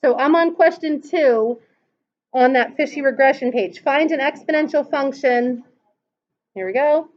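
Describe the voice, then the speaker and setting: A woman with a high, slightly slow and mellow voice teaches a math class in a dull lo-fi classroom recording. She patiently walks students through calculator steps one at a time, asking them questions along the way.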